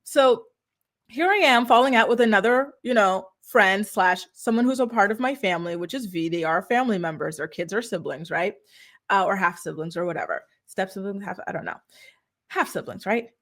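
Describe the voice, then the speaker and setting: A woman's voice: medium pitch, expressive, a little fast, fairly bright tone. A woman hosting a celebrity gossip commentary, talking in a sarcastic, snarky way and laughing now and then. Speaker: commentary channel host.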